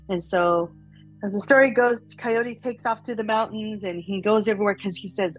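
A woman's voice: medium pitch, moderate pace, faint music behind, low-quality recording. Chatty woman telling a folk tale. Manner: animated, chatty, many fillers. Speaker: storyteller. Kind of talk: casual oral storytelling.

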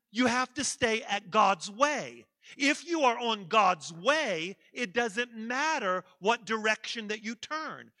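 A man's voice: sits high, bright, forceful tone, dry recording, clean studio sound. A man preaching a sermon, with emphatic delivery that repeats key phrases and leads the congregation in call-and-response. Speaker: pastor.

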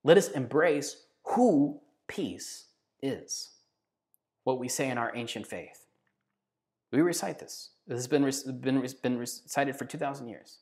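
A man preaching a sermon in an earnest, emphatic way, slowing down and dropping to a hush on key phrases. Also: mid-range voice, expressive.

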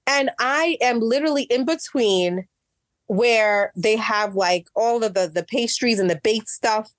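A woman telling a story in casual chat, animated and acting out what people said, getting exasperated as she goes. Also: on the high side, measured pace, no room sound, studio quality. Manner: animated, acts out quotes, rising exasperation. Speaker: guest.

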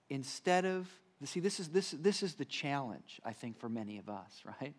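A male pastor preaching a sermon in a conversational way, often asking "right?" and dropping to a hushed voice to stress key points. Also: mid-range voice, big pitch swings, normal speed, hardly any pauses. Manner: conversational, frequent "right?" tag questions, drops to hushed tones for emphasis.

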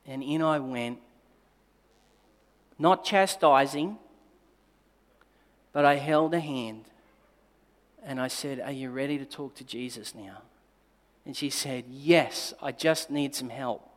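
A male pastor telling a personal story in a sermon, moving between forceful emphasis and quiet, tender passages. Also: mid-range voice, slow, long pauses. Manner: dynamic storytelling, swinging between loud emphasis and hushed, tender delivery. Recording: long reverb of a large hall.

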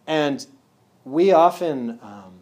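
A man's voice: on the high side, expressive, very slow, darkish tone, lo-fi sound. A man speaking casually to a live audience at a wellness talk. He often checks in with "yeah?" and "right?".

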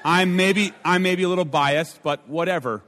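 Joking young preacher in echoing chapel. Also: male voice, moderate pace, fairly bright tone. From Minnesota. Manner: joking, high-energy, audience banter. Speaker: chapel speaker. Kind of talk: comic sermon opener. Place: large chapel hall. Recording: long hall reverb.

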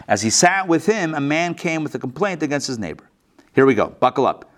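A man teaching an online Talmud lesson, animated, repeating phrases and asking rhetorical questions, acting out the quotes in the stories he tells. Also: a little fast. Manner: acts out story quotes in varied pitch. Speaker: rabbi teaching a class.

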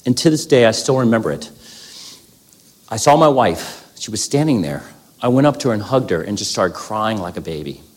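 A man telling his story to a gathered audience in a candid, self-deprecating way, then reading scripture aloud. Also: mid-range voice. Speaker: speaker at a gathering. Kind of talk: personal testimony talk with scripture reading.

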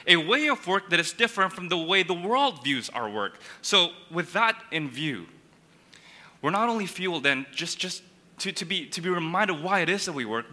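A male pastor delivers a sermon in a bright, ringing, slightly high voice. He is earnest and restarts phrases as he builds his points. His voice carries a long reverb from a church hall. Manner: earnest, repeats words while building a point.

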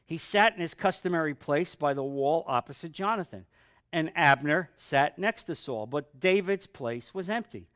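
A man in middle age leads a Bible study group, reading scripture aloud in a slightly high voice. Between verses he drops into casual, joking commentary for the group. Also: lively intonation, moderate pace, a bit bright. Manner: reads aloud then breaks off with casual asides and humor.

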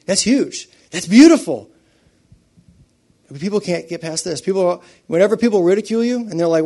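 A man preaching with a fairly high voice. He swings from loud, punchy emphasis to quiet, almost hushed asides, and laughs often between points. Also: expressive, fairly quick, creaky. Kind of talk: sermon.

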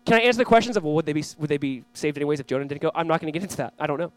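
Male pastor, quick high delivery, fervent sermon with big loud-to-soft swings, dry close sound. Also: clear, resonant tone, no echo. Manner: impassioned, voice rising and dropping sharply; acts out quoted voices in casual speech.

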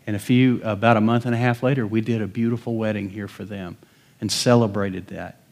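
A man's voice: fairly low pitch, steady tone, fairly quick, creaky, darkish tone. A middle-aged man, a pastor, delivering a folksy sermon full of stories, often chuckling and acting out the people he quotes. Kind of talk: sermon with storytelling.

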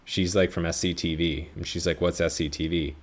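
Podcast host, male, very low voice, loose rambling movie chat, swears, keeps correcting himself. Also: level tone, brisk. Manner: rambling, chatty, self-correcting, swears freely. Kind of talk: casual movie review chat.

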